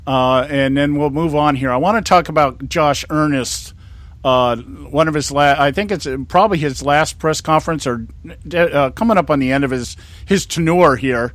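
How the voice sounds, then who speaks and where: A man's voice: a little high, normal speed, fairly bright tone, no room sound. A man in his sixties from California, hosting a talk show in a rambling, indignant monologue with many restarts. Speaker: host.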